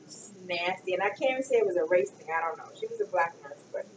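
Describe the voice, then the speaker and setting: A woman's voice: lowish voice, quick pace. A woman telling a personal story in casual conversation, acting out the people in it. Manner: animated, acts out other people's voices in her story. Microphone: computer webcam mic. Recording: distant, dull, noisy room recording.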